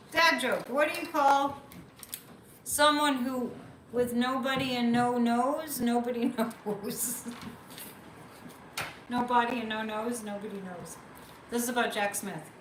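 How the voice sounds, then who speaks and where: A woman's voice: on the high side, unhurried, pauses often, a bit bright, reverberant, a little hiss or hum, rough recording. A woman hosting a psychic livestream, chatting casually, reading viewer comments and repeating phrases for emphasis.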